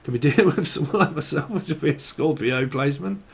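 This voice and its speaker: A man's voice: a little high, fast talker, vocal fry, slightly rough. A man from northern England, giving a casual tarot reading, rambling and free-associating on words with lots of swearing and laughter. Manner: laughs often. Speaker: tarot reader.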